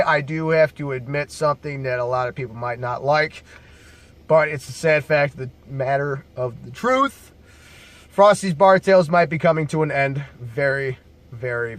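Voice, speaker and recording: A man's voice: a little high, normal speed, a bit bright. A man casually telling bar stories to camera as a bouncer, laid-back, profane and jokey.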